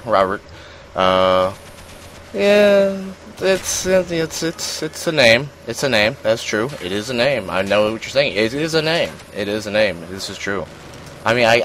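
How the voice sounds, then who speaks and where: A man's voice: on the low side, fairly bright tone, slight background noise, poor audio. A young man giving casual gameplay commentary, rambling and self-deprecating, with lots of fillers and restarts. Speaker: gaming commentator.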